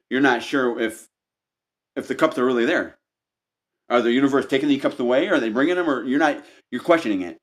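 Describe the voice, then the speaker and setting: A man giving an unscripted tarot reading, talking straight to the listener, repeating and restarting his phrases as he goes. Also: mid-range voice. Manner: repetitive, meandering, restarts phrases often; addresses the listener directly as "you". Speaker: tarot reader.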